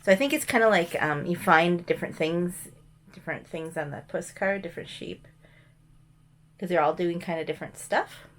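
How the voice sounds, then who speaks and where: A woman's voice: lowish voice, moderate pace, fairly bright tone. A woman chatting casually as she shows mail and thrift finds, rambling with frequent ums and restarts. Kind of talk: casual show-and-tell chat.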